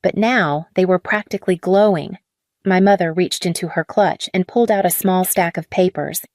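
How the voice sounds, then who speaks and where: A woman reading a scripted first-person drama story in a measured, even way. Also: fairly low pitch, dry recording, clean studio sound. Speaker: story narrator.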